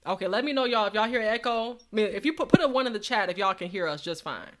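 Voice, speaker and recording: A woman's voice: mid-range voice, lively intonation, fast talker, a bit bright, a little hiss or hum. A woman hosting a live stream, chatting casually and calling on her audience as y'all. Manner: chatty, addresses chat as y'all. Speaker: host.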